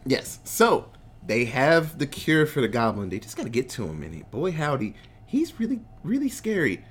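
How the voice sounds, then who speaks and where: A podcast co-host giving an excitable, profane, casual movie recap. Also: mid-range voice, normal speed, slightly rough. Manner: excitable, profane, laughing often.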